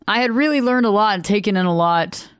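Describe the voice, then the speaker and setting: A male radio host with a fairly high, smooth voice tells a long story in a loose, chatty way. He often restarts his sentences and acts out what others said. The sound is dry and close, with no room around it. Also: fast, dry recording. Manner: animated, chatty, frequent restarts and acted-out quotes. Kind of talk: storytelling monologue.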